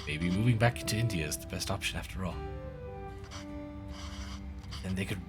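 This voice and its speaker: A man voicing a worried young immigrant father in a story game, speaking earnestly and with some anxiety, with game music behind him. His voice is lower and quieter than his usual talk. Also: normal speed, close to an everyday voice. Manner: anxious, earnest.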